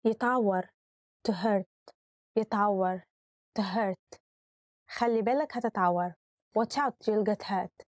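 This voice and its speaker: A woman's voice: mid-range voice, moderate pace, long pauses, no room sound, studio quality. A woman hosting a vocabulary lesson in an upbeat, instructive way. She says each word, repeats it, and gives its translation, switching between Arabic and English. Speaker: language teacher and host.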